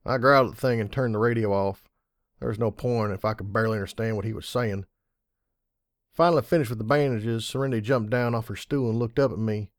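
A man reading fan fiction aloud in an audiobook style, measured and wry. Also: lowish voice, no echo, studio quality. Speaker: audiobook reader.

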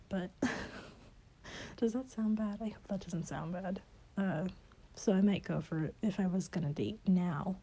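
A young adult woman answers questions in a casual chat, hesitant and rambling with many fillers and soft laughs. Her medium-pitched, husky voice sounds a bit stuffy, as though she has a cold.

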